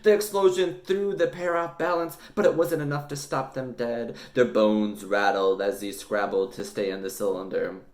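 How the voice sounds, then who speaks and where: A man reading a children's book aloud, narrating with lively drama. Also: mid-range voice, normal speed, hardly any pauses, roomy sound. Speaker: storyteller.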